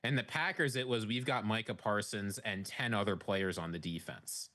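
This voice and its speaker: A man's voice: on the low side, moderate pace, bright, forceful tone. A man co-hosting a sports talk show, playfully needling his partner. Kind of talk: casual sports chat.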